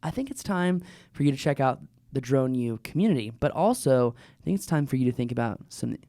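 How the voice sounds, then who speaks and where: A man's voice: medium pitch, animated, a little fast, warm tone, no room sound, clean studio sound. A man co-hosting a casual podcast, talking with enthusiasm. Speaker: podcast co-host. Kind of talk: casual chat.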